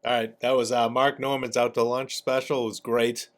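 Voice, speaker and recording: A man hosting a reaction video, wrapping up with relaxed, casual commentary and frequent fillers. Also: mid-range voice, normal speed, loud music behind the voice.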